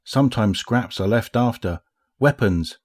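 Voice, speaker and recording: A man's voice: mid-range voice, lively intonation, darkish tone. A man voicing a thin, frightened villager who pleads in broken English with a thick accent. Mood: pleading. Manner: pleading, halting.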